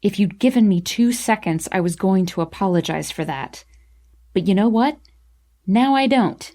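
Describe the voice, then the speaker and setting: A woman's voice: lively intonation, normal speed, warm tone, lightly acted. A woman voicing an angry, defensive young man in a storybook reading, speaking in a clipped, cold, bitter way. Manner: clipped, bitter, low and icy.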